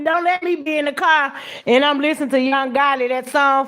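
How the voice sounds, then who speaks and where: A woman hosting a live stream, reacting to clips and chatting with viewers in a blunt, profane, animated way. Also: high voice, normal speed. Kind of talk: casual live-stream commentary.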